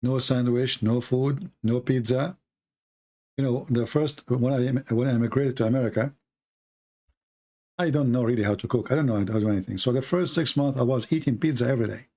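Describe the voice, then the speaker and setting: A man's voice: medium pitch, fairly quick, darkish tone. Sarcastic man joking in a rambling monologue. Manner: sarcastic, joking, laughs at his own jokes; rambling with frequent restarts and fillers. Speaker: online show host. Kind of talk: casual mocking commentary.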